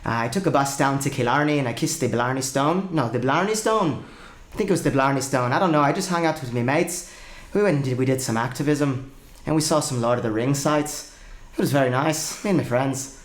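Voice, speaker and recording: A man doing a chatty Irish traveler who rambles on, with a put-on Irish accent. The voice sits a little higher than his plain talk. The room adds a roomy echo. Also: a little fast, natural voice.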